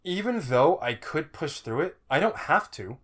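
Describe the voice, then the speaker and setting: A man's voice: on the high side, very animated, normal speed, a bit bright. A man co-hosting a podcast in casual chat, rambling and joking, often trailing off and restarting. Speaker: podcast co-host.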